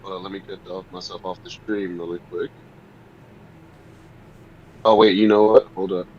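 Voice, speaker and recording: A man's voice: low-pitched, level tone, normal speed, a little hiss or hum. A man co-hosting a casual chat, teasing and doubting what the other host says, heard over a call. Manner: teasing, skeptical. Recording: dull, lo-fi audio over a call.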